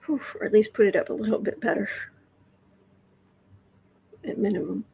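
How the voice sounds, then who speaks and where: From an indoor room, a woman hosts a casual tarot livestream, chatting loosely, often restarting and repeating words as she reads out viewer comments. Her medium-pitched voice is gravelly and dark at normal speed, over poor audio with a bit of hiss or hum.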